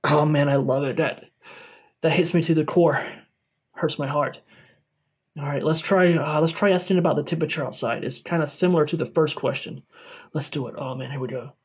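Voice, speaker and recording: A man's voice: a little high, fairly quick, husky. Over-dramatic young male tech YouTuber. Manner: over-dramatic, exaggerated enthusiasm. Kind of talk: mock-serious product review skit.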